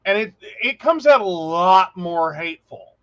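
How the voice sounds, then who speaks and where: Animated high-voiced man telling stories. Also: measured pace, lo-fi sound. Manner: animated storyteller, acts out quotes, laughs often. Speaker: podcast co-host. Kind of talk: casual chat.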